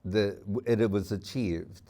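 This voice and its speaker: A man giving a devotional talk, telling stories in a reflective way and slowing down on key words. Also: lowish voice, creaky, dark tone. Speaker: spiritual teacher.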